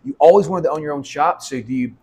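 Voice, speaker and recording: A man's voice: a little high, a little mellow, breathy edge. A male podcast host asking eager questions in a casual interview, often restarting his sentences. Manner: fast, eager, repeats himself with restarts.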